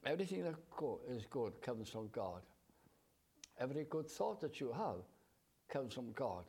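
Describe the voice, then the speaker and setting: A man preaching a sermon in a slow, measured way, drawing out his scripture quotes. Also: medium pitch, sing-song, a little mellow, husky.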